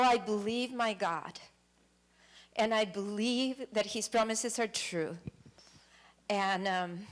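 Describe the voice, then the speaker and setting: Woman sharing her testimony, earnest and emphatic, some ums, middle pitch. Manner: earnest, emphatic, with hesitant fillers. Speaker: guest speaker sharing testimony. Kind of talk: personal testimony talk.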